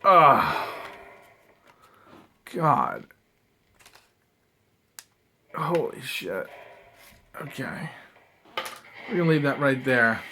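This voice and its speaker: A man reviewing trading cards in a casual vlog, rambling and swearing, swinging between mumbled asides and excited outbursts. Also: mid-range voice, very slow, long pauses, slight background noise. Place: apartment room.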